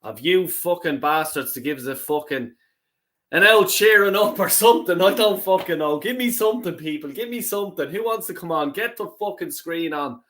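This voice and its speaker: A man's voice: a little high, expressive, moderate pace, pushed and bright. A man hosting a fan reaction stream, swearing and exasperated over his team's loss. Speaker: fan channel host. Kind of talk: angry football fan reaction.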